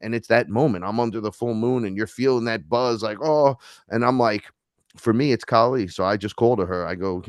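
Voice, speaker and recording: A man's voice: fairly low pitch, fairly quick, smooth, no room sound, clean studio sound. A man, a podcast guest telling stories in casual chat and acting out the voices he quotes. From New York City. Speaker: podcast guest, neo-shaman.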